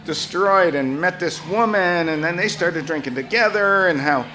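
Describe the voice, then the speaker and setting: An older man telling a true story live, animated, profane and often laughing. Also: high-pitched, normal speed.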